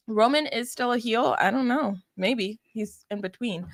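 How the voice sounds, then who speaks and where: A young woman co-hosting a podcast, casually retelling events in an animated way, acting out what people said. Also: a little high, a little slow, hardly any pauses, no echo. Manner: chatty, animated retelling with quoted asides. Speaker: podcast co-host. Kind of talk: casual chat recapping wrestling.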